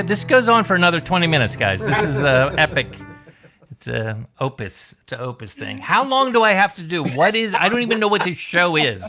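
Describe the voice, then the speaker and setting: A man doing a wry, deadpan stand-up comedy set alone in his room, telling stories and singing silly songs. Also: fairly high pitch, fairly quick, music in the background. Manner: wry, deadpan storytelling with sung bits. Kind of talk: stand-up set over video call.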